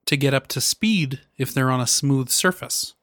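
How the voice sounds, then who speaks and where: A man's voice: medium pitch, normal speed, fairly bright tone, no echo, studio quality. A man co-hosting a casual podcast, joking around with playful puns and poking fun at himself. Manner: jokey, playful wordplay, self-mocking. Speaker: podcast co-host. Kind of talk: casual chat.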